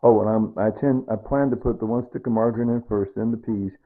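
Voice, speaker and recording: Rambling gravelly man, tinny phone-like sound. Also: on the low side, steady tone, fast. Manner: rambling, repeats himself. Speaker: home cook. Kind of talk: casual rambling cooking talk.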